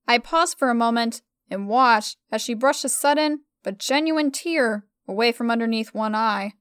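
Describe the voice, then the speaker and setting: A woman reads a first-person story aloud with expressive delivery. Her voice is fairly high and smooth, crisp on every word. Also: moderate pace, dry recording, clean studio sound.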